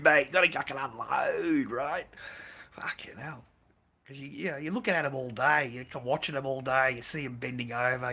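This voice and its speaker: Male streamer, mid pitch, brassy bright tone, crude swearing banter. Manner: profane, blunt and laughing. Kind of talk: crude casual livestream chat.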